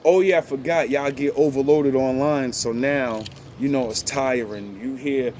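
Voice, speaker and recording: A man's voice: medium pitch, fairly even intonation, a little slow, few pauses, darkish tone, a little hiss or hum. A man ranting casually to the camera outdoors, rambling, profane and confrontational.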